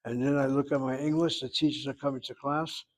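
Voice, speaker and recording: With a steady tone and medium pitch, an older man leads a Hebrew class. He explains the grammar patiently, one step at a time, and slowly repeats words.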